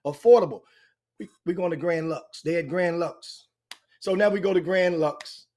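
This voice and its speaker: Older man, host, slightly high voice, loose storytelling, lots of restarts. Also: normal speed. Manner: animated, rambling anecdote with frequent restarts. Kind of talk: casual storytelling chat.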